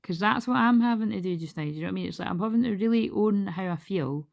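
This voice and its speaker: A woman's voice: medium pitch, fast, gravelly, darkish tone. A woman giving a casual, rambling tarot card reading, laughing and swearing freely as she talks. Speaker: tarot reader.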